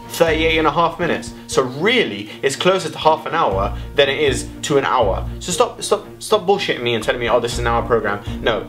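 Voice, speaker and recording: A young man, ranting animatedly to camera in a casual vlog, full of swearing and exaggeration. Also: medium pitch. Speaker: vlogger.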